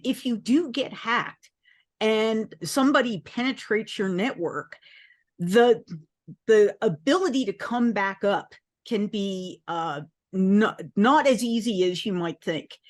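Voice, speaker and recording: A middle-aged woman, an industry analyst, speaking in a measured, explanatory conversational discussion. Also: a little high, expressive.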